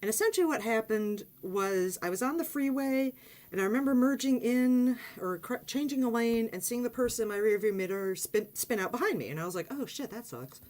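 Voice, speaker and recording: A woman casually telling a personal story on her vlog, animated and blunt, acting out quotes and swearing freely. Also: a little fast. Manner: animated, swearing, acts out quotes in high excited voice. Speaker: vlogger.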